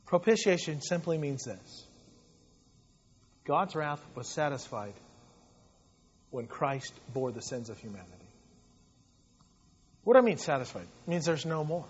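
A man preaching a sermon as pastor, impassioned, dropping to hushed tones and rising to loud emphasis. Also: on the high side, very animated, a little slow, long pauses, lo-fi sound.

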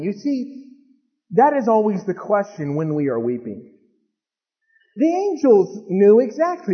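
A pastor preaching a sermon, moving from calm scripture teaching to fervent, emphatic preaching. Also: male voice, very high-pitched, a little slow. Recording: dull lo-fi recording with long hall reverb.

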